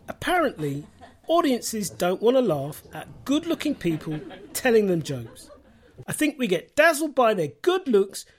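A man's voice: sits high, slight background noise. A man, a comedian delivering a wry, self-deprecating comedy podcast monologue.

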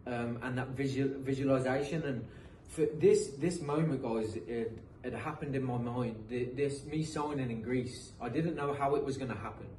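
A man's voice: medium pitch, normal speed, few pauses, darkish tone. Earnest British man, distant and roomy. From England. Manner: earnest, motivational, frequent restarts. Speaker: guest, professional footballer. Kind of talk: casual interview storytelling. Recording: roomy echo, distant mic, faint noise.

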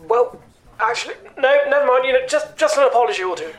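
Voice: high voice, lively intonation, fast. A performer playing an irate male stage hypnotist who stammers, swears and gets flustered in a scripted comedy sketch. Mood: indignant.

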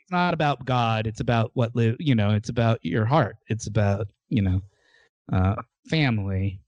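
A man's voice: fairly low pitch, moderate pace, darkish tone, dry recording, muffled recording. A man hosting a casual movie podcast, telling behind-the-scenes stories with amusement and frequent laughs. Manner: storytelling, amused, laughs often. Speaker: podcast host. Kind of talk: casual movie-review chat.

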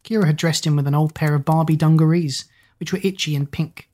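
A woman narrating a children's book in a lively, expressive way. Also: deep voice, a little fast. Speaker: audiobook narrator.

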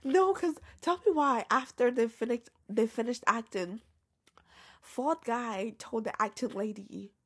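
A woman talks through her podcast alone in a relaxed, chatty way, blunt and full of slang. Her voice has a husky grain. She swings from loud, lively bursts down to near-whispered asides. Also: a little high, a little slow. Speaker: podcast host. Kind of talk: casual solo podcast chat.

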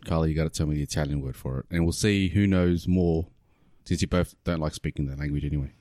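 Man, deep voice, dry close mic, laid-back, casual banter. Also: quick pace, warm tone, no echo. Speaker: podcast co-host running a quiz.

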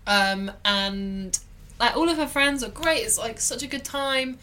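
A woman's voice: fairly high pitch, measured pace, pushed and bright, a little hiss or hum. A woman co-hosting a podcast in casual chat, chatty and laughing often, with plenty of ums. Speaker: podcast co-host.

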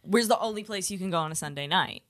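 A woman's voice: fairly low pitch, fast talker. A young woman telling a story in a casual chat. She laughs often, fills her speech with "like", and acts out what other people said. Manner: giggly, filler-heavy, acts out quotes.

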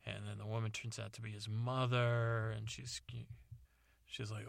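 Guy telling a rambly sleep story, gravelly, dry recording. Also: fairly low pitch, level tone, moderate pace, no echo. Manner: rambling, self-correcting, casual. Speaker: podcast storyteller. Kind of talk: rambling bedtime story narration.

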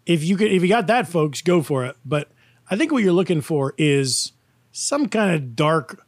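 A man co-hosting a podcast, chatting casually with quick jokes and casual swearing. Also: on the high side, very animated, no room sound. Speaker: podcast co-host. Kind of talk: casual chat.

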